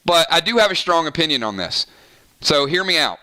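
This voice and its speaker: Bright-voiced Southern man chatting on stream. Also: fairly high pitch, sing-song, a little fast. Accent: Southern American. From American South. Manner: chatty, playful, argues opinions with viewers. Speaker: gaming channel host. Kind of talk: casual live-stream chat.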